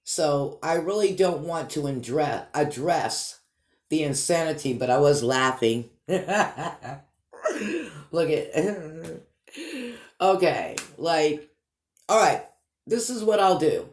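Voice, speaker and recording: A man's voice: fairly high pitch, lively intonation, slow pace. A man with a Boston accent, chatting casually and rambling upbeat to his vlog viewers. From Massachusetts. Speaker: vlog host. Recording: echoey room.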